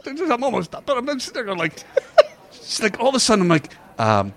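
A man's voice: sits high, fast. A man telling a funny travel story in casual chat, laughing often and restarting his sentences. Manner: animated, laughing, lots of restarts.

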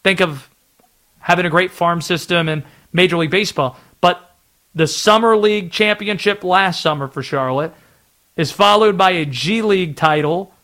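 A man's voice: sits high, normal speed, fairly bright tone. A man from North Carolina hosting sports talk radio, chatty and opinionated.

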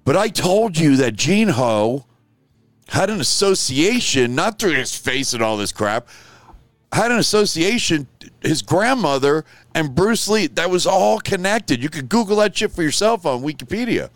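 An older man hosting his own show, ranting in casual talk and swearing freely, dropping to a mutter and then flaring up loud. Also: fairly high pitch, sing-song, normal speed, hardly any pauses, no echo. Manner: profane, rambling, swings from mutter to loud outburst. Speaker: show host.

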